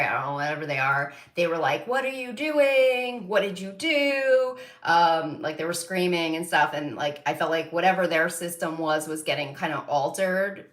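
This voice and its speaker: Bright-voiced woman in an echoey room. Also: low-pitched. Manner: rambling, filler-heavy, swear words. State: emotional, near tears. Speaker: psychic channel host. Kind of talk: casual spiritual monologue to viewers.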